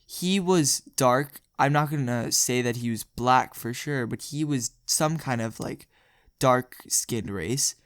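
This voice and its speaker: Young male vlogger, gravelly voice, dry close sound, rambling storytime delivery. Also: mid-range voice, slow, a bit bright, dry recording. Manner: rambling, jokey, laughs often. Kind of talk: casual storytelling.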